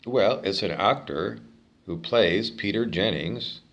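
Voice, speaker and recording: A man's voice: on the low side, slow, fairly bright tone, lo-fi sound. A Canadian man in his fifties with a Canadian accent, talking alone to camera in a rambling, opinionated monologue full of fillers. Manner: digressive, opinionated, with many fillers. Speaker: vlogger.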